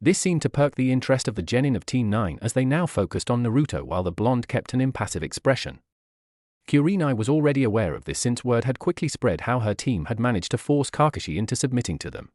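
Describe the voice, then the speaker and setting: A man narrating a fan fiction story in a steady storytelling manner. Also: medium pitch, quick pace, dry recording, clean studio sound.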